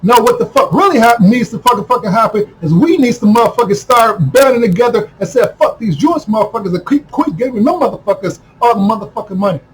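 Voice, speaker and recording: A man delivering a heated, profane monologue to camera, repeating himself and breaking into shouts. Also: very high-pitched, lively intonation, fast talker, few pauses, a little hiss or hum, rough recording. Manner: heated, repetitive, swears constantly, bursts into shouting. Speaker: video commentator.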